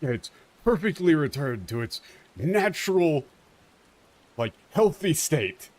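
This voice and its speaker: A man's voice: fairly high pitch, takes it slowly. A young man streaming a game, casually explaining translations with lots of fillers and swearing. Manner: animated, profane, many fillers.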